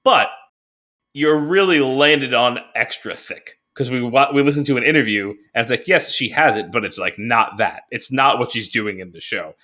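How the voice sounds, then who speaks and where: A man's voice: medium pitch, a little fast, few pauses, pushed and bright. A man co-hosting a podcast, chatting casually and acting out his own reactions with laughs. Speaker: podcast co-host. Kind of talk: casual chat.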